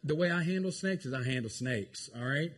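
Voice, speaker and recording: A man preaching a lively, joking sermon to his congregation. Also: fairly high pitch, a little fast, husky. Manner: animated, jokey, talks to the congregation. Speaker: pastor.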